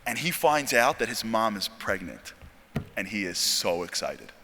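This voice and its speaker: A man giving a storytelling sermon talk at a convention, animated and jokey, acting out dialogue. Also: lowish voice, measured pace, slight background noise. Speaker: speaker at a convention. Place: large convention hall. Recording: long hall reverb.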